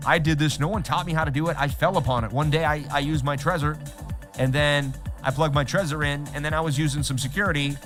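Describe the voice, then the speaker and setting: A man's voice: on the high side, fairly even intonation, quick pace, fairly bright tone, soft background music. A man hosting a casual livestream about trading, chatting in a rambling, repetitive way.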